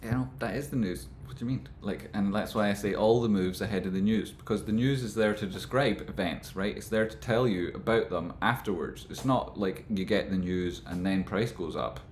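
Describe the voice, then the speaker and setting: A man rambling through casual stock market commentary, with animated, exasperated rants. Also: on the low side, normal speed, hardly any pauses, roomy sound, slight background noise.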